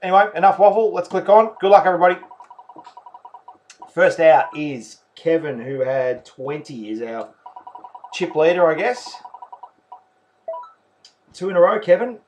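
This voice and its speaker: A man's voice: on the high side, animated, measured pace, pauses often, a little mellow, slight background noise. A man with an Australian accent, hosting a live raffle and commentating each name as it is drawn. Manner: chatty, calls names and counts spots. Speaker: raffle host.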